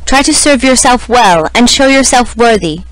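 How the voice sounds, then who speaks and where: A woman voicing an elderly prince who is cold, self-important and speaks with severe, monotonous indifference. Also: a little high, moderate pace, no room sound, close to an everyday voice, poor audio. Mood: indifferent.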